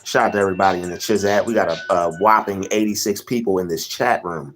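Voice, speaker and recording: A young man hosting a casual livestream, rambling and giving shout-outs to chatters by name. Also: low-pitched, fast, few pauses, faint music behind. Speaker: livestream host.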